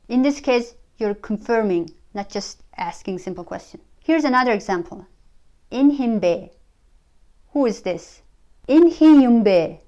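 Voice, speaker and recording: A woman's voice: a little high, lively intonation, mellow, dull audio. Woman teaching. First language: Mongolian. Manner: slow, careful, repeats example phrases. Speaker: language teacher. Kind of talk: pronunciation lesson.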